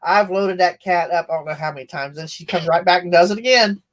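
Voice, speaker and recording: Giggly co-host, casual chatter, mid-pitched voice. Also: quick pace, a bit bright. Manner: chatty and giggly, laughs through anecdotes. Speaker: co-host of a daily live show. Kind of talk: casual chat.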